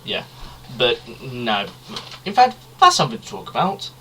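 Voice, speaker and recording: A young man chats loosely on a homemade podcast, wandering from point to point. His voice is bright and edged, with a faint hiss of background noise under it. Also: mid-range voice, wildly swooping pitch, moderate pace. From Britain. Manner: rambling, chatty, loose swearing. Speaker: podcast co-host. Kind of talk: casual chat.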